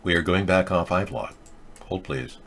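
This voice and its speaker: A man's voice: deep voice, normal speed, slight background noise. A man hosting a live political video chat show, rambling and joking as he answers viewers' comments. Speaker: political talk show host.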